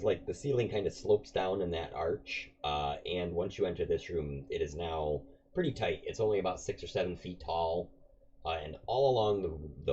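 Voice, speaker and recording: A man's voice: sits low, darkish tone. A man running a tabletop game as game master, narrating in a loose, rambling way with many fillers. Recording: dull lo-fi recording with faint noise.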